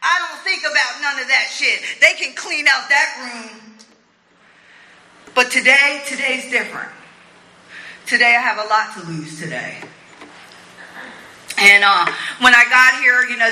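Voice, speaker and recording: A woman's voice: on the high side, pushed and bright, slight background noise. A middle-aged woman telling her story at a recovery meeting, blunt, profane and often laughing. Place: meeting room with an audience. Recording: roomy echo of a meeting room.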